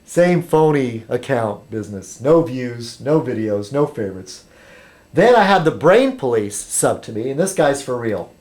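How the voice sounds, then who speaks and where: A man's voice: medium pitch, sing-song, measured pace, a little mellow. A man rambling casually on a webcam vlog, chatty and full of ums and restarts. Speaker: video blogger.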